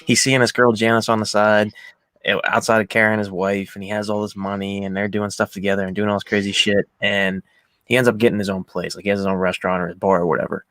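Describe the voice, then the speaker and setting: Fast-talking man recapping a film. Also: no echo. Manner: retells scenes with excited, high-pitched quoted voices and swearing. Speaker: podcast host. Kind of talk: casual movie chat.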